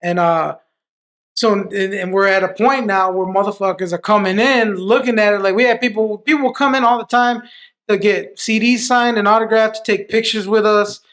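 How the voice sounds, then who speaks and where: A man's voice: high voice, steady tone, moderate pace, a bit bright. A man, a podcast guest, telling stories in a loose, profane way full of restarts. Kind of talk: casual storytelling.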